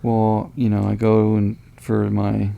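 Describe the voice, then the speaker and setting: A man's voice: lowish voice, completely flat delivery, takes it slowly, creaky, dark tone. A man co-hosting a casual comedy podcast, telling rambling stories and acting out the people in them. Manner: rambling storyteller, acts out quoted people. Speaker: podcast co-host.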